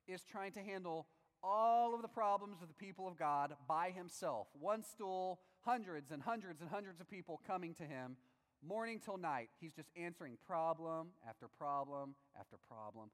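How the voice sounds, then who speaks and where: Animated preacher in a reverberant hall. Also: male voice, sits high, moderate pace. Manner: animated, acts out voices of biblical figures. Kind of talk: sermon.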